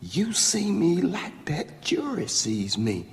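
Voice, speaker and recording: Bitter man on trial, slow intense delivery, gravelly, film audio with long reverb. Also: sits high, very animated, exaggerated voice. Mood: bitter accusing. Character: bitter defiant man on trial, confronting his lawyer. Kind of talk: dramatic film dialogue.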